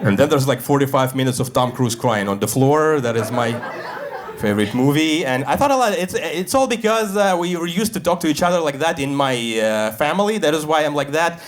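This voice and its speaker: A man in his thirties from Russia, with a Russian accent, doing a deadpan stand-up set in English on a comedy club stage, with fillers and small slips. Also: a little high, fairly quick, crowd noise.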